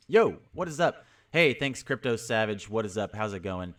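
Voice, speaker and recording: A man's voice: on the low side, very animated, moderate pace. A man hosting a casual livestream, cheerfully repeating greetings and calling out viewers by name. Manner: upbeat, repetitive greetings, shouting out viewers. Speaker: crypto livestream host.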